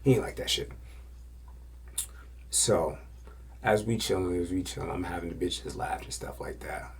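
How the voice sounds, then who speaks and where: A man hosting a podcast, telling a story in a loose, animated way and acting out the other people's lines. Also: deep voice, moderate pace, slight background noise. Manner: animated storytelling, acts out quotes. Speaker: podcast host.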